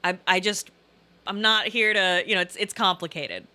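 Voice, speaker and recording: Bright-voiced chatty woman with a Southern Illinois accent. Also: mid-range voice, normal speed, no echo. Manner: chatty, rambling, laughs often. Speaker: streamer reading chat. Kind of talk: casual live-stream chat.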